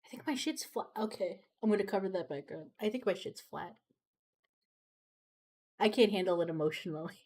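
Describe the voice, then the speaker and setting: A woman's voice: mid-range voice, lively intonation, moderate pace, pauses often, a little mellow. A young woman streamer chatting casually while she draws, rambling and swearing freely. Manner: rambling, swears freely, laughs at her own stories. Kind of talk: casual chat while drawing on a livestream.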